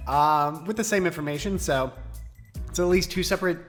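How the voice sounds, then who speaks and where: A young man in his twenties chats through a reaction video in a playful, joking way, often breaking into laughs. His voice sits a little high, with faint music in the background. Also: a little fast. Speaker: video commentator. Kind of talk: casual reaction commentary.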